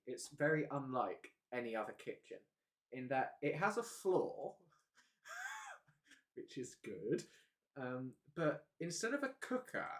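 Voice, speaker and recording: A man hosting a live stream, chatting casually and rambling with frequent hesitations and laughs. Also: on the high side. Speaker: livestream host.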